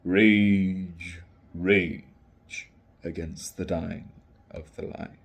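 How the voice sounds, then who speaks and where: A man performing a stately old-fashioned poet's recital voice with a steady waver. The delivery is slow, deep and dramatic, and each line trails off almost to a whisper. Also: vocal fry, husky, full character voice. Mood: solemn. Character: grand wavering old-style recital voice of a male poet. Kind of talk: poetry recital.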